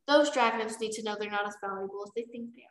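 A woman's voice: medium pitch, quick pace, reverberant, lightly acted. A woman voicing a scheming female dragon princess, talking in a silky, dry, menacing way as she reads a storybook aloud. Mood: sly menace.

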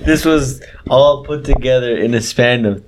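A man's voice: medium pitch, normal speed, noisy background. A man co-hosting a podcast, joining in with crude, laughing banter. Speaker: podcast co-host. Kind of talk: casual chat.

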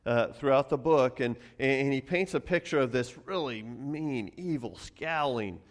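A man's voice: medium pitch, expressive, a little slow. A man preaching a sermon as pastor, telling stories casually and often repeating words as he goes. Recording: long hall reverb.

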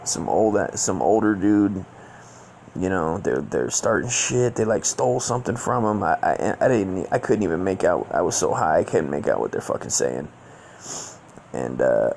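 Brief: young guy, gravelly, cussing storyteller, slangy and rambling, faint hiss behind. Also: low-pitched, a little mellow. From Southern California. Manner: profane, rambling, slangy storytelling with many fillers. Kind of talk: casual storytelling.

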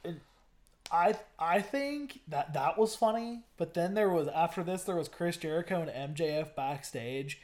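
A man's voice: fairly high pitch, normal speed. Young man gushing in casual podcast chat. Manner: excited, swears a lot, stumbles and repeats words. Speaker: podcast co-host.

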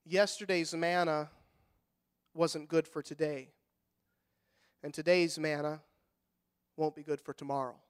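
A middle-aged man preaching a sermon in a high, clear, resonant voice. He is folksy and repeats words when he gets going. He swings between loud, fervent passages and quiet, soft-spoken stretches. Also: steady tone, a little slow, long pauses. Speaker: pastor.

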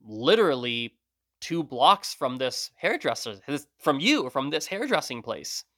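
A man's voice: mid-range voice, big pitch swings, measured pace, a bit bright. A man voicing a friend insisting on where he grew up, emphatic and exasperated.

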